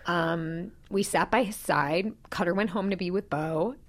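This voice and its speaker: A woman in her thirties, a podcast co-host, candidly retelling a painful personal story with animated quoted dialogue. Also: fairly low pitch, unhurried. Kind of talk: personal storytelling in casual chat.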